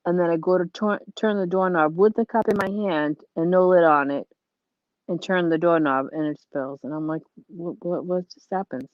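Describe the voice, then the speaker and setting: A woman's voice: on the low side, no room sound, muffled recording. A tired woman chatting casually as a livestream guest, rambling and laughing often, her voice worn from lack of sleep. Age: adult with a child. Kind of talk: casual chat.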